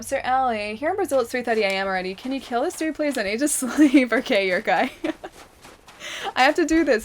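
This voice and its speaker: A woman's voice: on the high side, a little hiss or hum. A woman streamer chatting casually while she plays a game, reading viewer messages aloud and laughing often. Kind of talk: casual live-stream chat while gaming.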